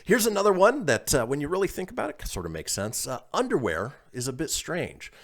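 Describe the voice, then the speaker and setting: A man's voice: fairly high pitch, wildly swooping pitch, fairly quick, gravelly. A man hosting a radio talk show, reading listener posts aloud and chuckling often. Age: adult, calls himself old. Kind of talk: casual radio chat.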